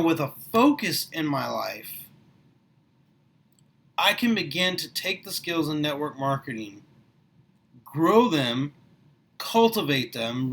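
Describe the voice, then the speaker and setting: A middle-aged man giving a passionate motivational talk to the camera, his voice rising and getting louder as he gets worked up. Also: on the high side, low-quality recording. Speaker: small business owner recruiting for network marketing. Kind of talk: motivational vlog monologue.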